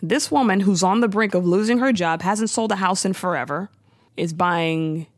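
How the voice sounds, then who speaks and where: A woman co-hosting a podcast, recapping a TV episode in casual, jokey chat with quick asides. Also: mid-range voice, no echo.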